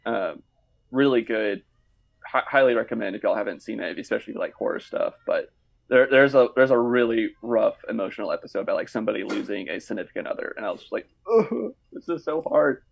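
A man's voice: on the low side, fast talker, creaky, lo-fi sound. A young man in casual podcast chat, rambling through anecdotes with many fillers. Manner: rambling storyteller, hesitant, laughs often.

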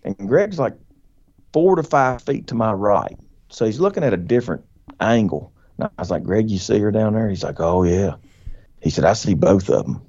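A man telling a hunting story as a podcast guest, animated and folksy, laughing often and acting out what people said. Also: on the low side, moderate pace, lo-fi sound. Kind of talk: casual storytelling.

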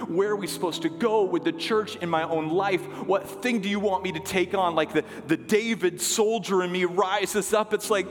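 Passionate preacher man, high voice, echoing hall. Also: normal speed, few pauses. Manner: passionate, emphatic preaching that drops to soft, hushed lines. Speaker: pastor. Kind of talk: sermon. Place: church sanctuary. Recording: long hall reverb, music underneath. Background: music.

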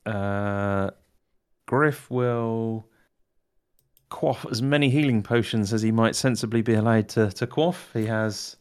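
A man's voice: on the low side, steady tone, takes it slowly, clear, resonant tone. A man playing his character in a tabletop game, easygoing and hesitant, laughing now and then. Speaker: player.

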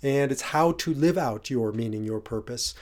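A man's voice: medium pitch, normal speed, darkish tone. A middle-aged man hosting a reflective podcast. He talks in a loose, conversational way, with fillers and restarts, and presses hard on key words. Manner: conversational, with fillers and self-corrections. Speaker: podcast host.

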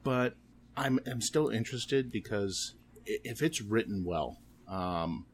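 A man talking casually on a podcast, halting and full of ums and restarts. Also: on the low side, slight background noise. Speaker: podcast guest.

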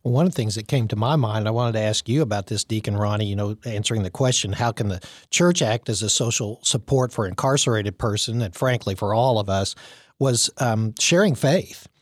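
Man, show host, thoughtful question, lowish voice, dry sound. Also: fairly quick, no room sound. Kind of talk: interview question.

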